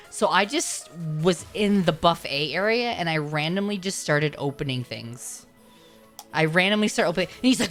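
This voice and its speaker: A woman hosting a live stream Q&A, telling stories in an animated way and laughing a lot. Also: on the low side, moderate pace, soft background music. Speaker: streamer host. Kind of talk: casual chat.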